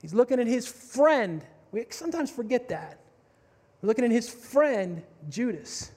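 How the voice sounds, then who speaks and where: High-voiced preacher in a reverberant hall. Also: male voice, very animated, a little slow, a little mellow. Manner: storytelling, vivid, addresses the audience directly. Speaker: pastor. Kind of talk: sermon. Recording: long reverb of a large hall.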